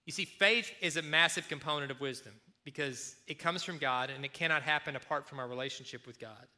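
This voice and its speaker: A man preaching a sermon, retelling a story in a lively way and acting out the speakers. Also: a little high, a little fast. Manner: storytelling, animated, acts out quotes. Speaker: pastor.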